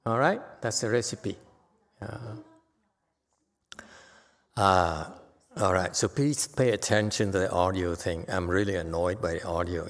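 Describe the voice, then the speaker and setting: A man's voice: fairly low pitch, vocal fry. An older man giving an unscripted dharma talk as a Buddhist teacher, blunt and exhorting, often checking in with "okay?". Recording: long reverb from a hall.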